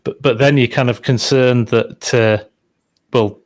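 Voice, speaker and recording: A man's voice: mid-range voice, steady tone, a little slow. Man, game streamer, casual co-host chat, hedging and speculative.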